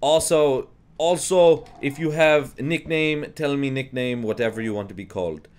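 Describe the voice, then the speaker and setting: A man's voice: medium pitch, normal speed, a little mellow, pitched above the performer's own voice, close to an everyday voice. A man voicing a stern Russian woman math teacher in a put-on Russian accent, with clipped, broken phrasing. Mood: bossy.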